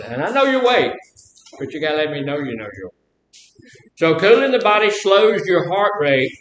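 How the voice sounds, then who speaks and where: A man with a Southern drawl teaches a live class, folksy and fond of quizzing his listeners. His voice sits a touch high. The room is echoey, with a faint rumble underneath. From Mississippi. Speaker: class instructor. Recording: roomy echo, faint rumble.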